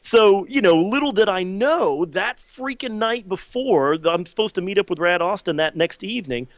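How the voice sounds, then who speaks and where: A high-voiced man tells a story with lots of fillers, jumping into loud, animated quotes. The sound is dry and close with no room around it, and the audio comes through dull and lo-fi, like a live stream. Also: normal speed, no room sound. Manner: animated, many fillers, acts out quotes loudly. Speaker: podcast co-host. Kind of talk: casual storytelling chat.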